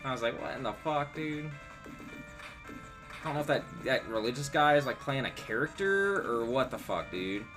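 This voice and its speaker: A man's voice: mid-range voice, animated, brisk, few pauses. A man chatting casually while streaming games, rambling and swearing in a laid-back way. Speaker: game streamer. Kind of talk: casual live-stream chat. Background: game music.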